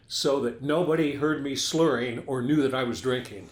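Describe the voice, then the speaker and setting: A man's voice: mid-range voice, normal speed, hardly any pauses. Wry older man co-hosting in an echoey room. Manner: wry, self-deprecating storyteller. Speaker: co-host. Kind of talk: casual chat.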